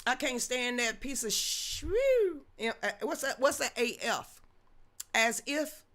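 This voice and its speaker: A woman's voice: sits high, animated, takes it slowly, fairly bright tone. A woman in her fifties hosting a news commentary livestream, reading chat and ranting emphatically in a rambling way.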